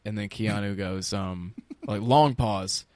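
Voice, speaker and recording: A man's voice: on the low side, slow, no echo. Laughing man recapping reality TV. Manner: animated recapping, laughs often. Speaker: podcast co-host. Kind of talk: casual chat.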